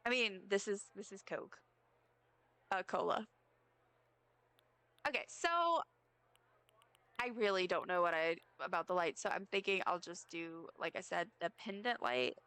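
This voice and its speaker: A woman's voice: on the low side, unhurried, long pauses, fairly bright tone, clear, resonant tone, no echo. A young woman, rambling casually and joking at herself while she streams a game. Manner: chatty, rambling, self-mocking asides. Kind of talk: casual live-stream chat while gaming.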